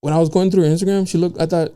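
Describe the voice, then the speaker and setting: Low, mellow-voiced woman host. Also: steady tone, very fast. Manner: laid-back, slangy, full of fillers. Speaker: podcast host. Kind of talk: casual chat.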